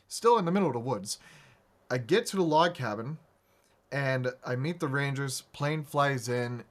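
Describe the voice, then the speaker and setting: A man hosting a gaming podcast, spinning a long casual story at a middle pitch. He swears freely and stumbles into restarts as he goes. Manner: rambling, profane, halting restarts. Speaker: podcast host.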